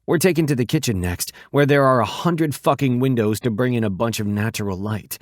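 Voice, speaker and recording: A man with a fairly low voice narrates an audiobook in a measured, even storytelling style. The recording is dry, with clean studio sound.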